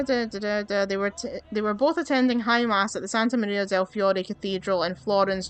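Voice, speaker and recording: A woman's voice: mid-range voice, smooth. A young woman hosting a let's play, ranting in an exasperated way and swearing as she plays and reads up on history. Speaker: gaming channel host.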